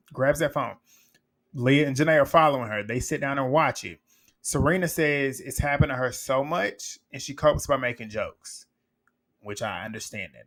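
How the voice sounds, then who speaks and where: A man with a mid-range voice running through a reality show recap in a loose, conversational way. He is blunt and unfiltered, swears freely, and breaks into laughter as he acts out the quotes. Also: mid-range voice. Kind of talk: casual episode recap commentary.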